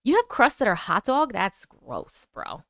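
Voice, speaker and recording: Lively chatty woman with a New York accent. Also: medium pitch, a little slow, no echo. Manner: chatty, animated, reads comments aloud. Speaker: live stream host. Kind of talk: casual live chat, reading viewer comments.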